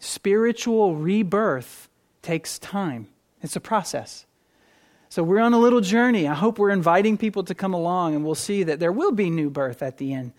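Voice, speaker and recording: Preacher mid-sermon; emphatic, shifts between punchy stresses and hushed asides, restarts phrases with repeated words. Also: mid-range voice. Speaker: pastor.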